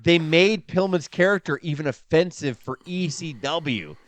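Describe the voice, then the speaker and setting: Brief: male podcast co-host, slightly high and very lively voice, swears freely, dry close sound. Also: unhurried, dry recording. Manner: animated and profane, acts out quotes. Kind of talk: casual podcast chat.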